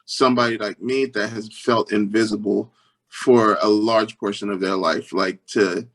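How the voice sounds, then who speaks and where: A man being interviewed as a guest. He tells stories earnestly, restarts his sentences often, and jumps into high, lively voices when he quotes other people. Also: measured pace. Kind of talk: storytelling interview.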